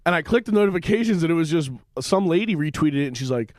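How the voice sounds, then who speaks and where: A man's voice: fairly high pitch, racing, no echo. A man, a comedian guest, telling stories in a casual podcast chat with lots of swearing and mimicked voices. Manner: profane, animated storytelling with mimicked voices.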